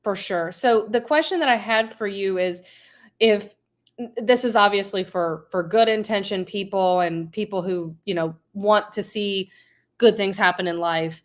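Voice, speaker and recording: A woman's voice: medium pitch, a little slow. A woman hosting a casual interview, laughing often and asking long, winding questions.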